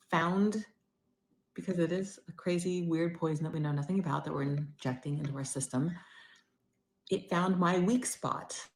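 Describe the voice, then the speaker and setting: A middle-aged woman talking candidly in a personal video diary, rambling and moving between loud bursts and near-whispers. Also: sits low. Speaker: vlogger.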